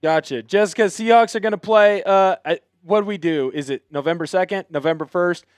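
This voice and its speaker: A man's voice: high-pitched, a little fast, clean tone, dry recording, studio quality. A man hosting a live sports stream, greeting chat viewers in an upbeat, chatty way. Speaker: host.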